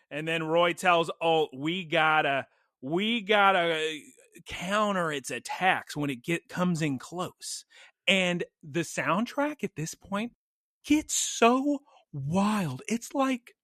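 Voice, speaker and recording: A young man co-hosting a podcast, recapping an anime episode in excitable play-by-play and calling out attack names. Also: sits high, slow, no room sound, studio quality. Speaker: podcast co-host. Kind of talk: casual anime recap chat.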